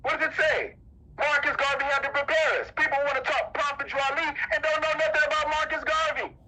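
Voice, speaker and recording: A man's voice: extremely high pitch, steady tone, fairly quick, pushed and bright, rough recording. A man preaching a sermon at a religious meeting, emphatic and repetitive, firing rhetorical questions at his listeners.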